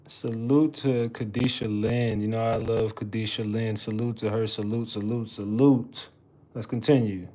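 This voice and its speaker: A man's voice: fairly low pitch, steady tone, moderate pace, dark tone. A man hosting a reaction show in a casual, slangy way, calling on his chat to weigh in.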